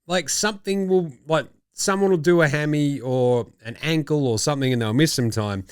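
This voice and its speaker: Animated Australian man talking basketball. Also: fairly high pitch, moderate pace, clear, resonant tone, no room sound, studio quality. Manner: animated, swearing, laughing asides. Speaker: podcast host. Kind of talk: casual sports talk.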